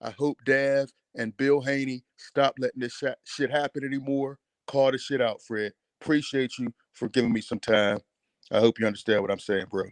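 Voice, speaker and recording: A man's voice: mid-range voice, steady tone, moderate pace, no room sound. A man calling in to a talk show, ranting in a heated, emphatic and profane way. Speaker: caller. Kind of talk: call-in radio rant.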